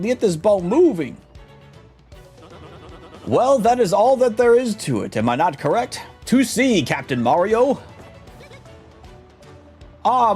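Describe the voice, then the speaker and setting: A man's voice: high-pitched, darkish tone, breathy edge, pitched above the performer's own voice, full character voice. A man voicing a pompous, vain adventurer with theatrical, self-praising delivery in a fan dub of a game.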